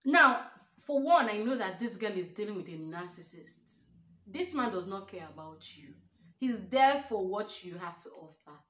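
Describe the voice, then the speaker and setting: A woman's voice: mid-range voice, animated, moderate pace, a bit bright. A young Nigerian woman vlogging relationship advice, emphatic and preachy, firing off rhetorical questions. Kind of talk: storytime advice monologue. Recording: roomy echo.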